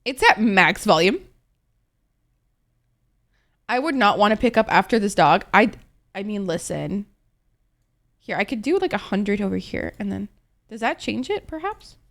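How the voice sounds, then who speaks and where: A woman's voice: medium pitch, sing-song, normal speed, gravelly, fairly bright tone. A young woman from Egypt, a native Arabic speaker, chatting and swearing freely as she streams a game. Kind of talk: casual gameplay commentary.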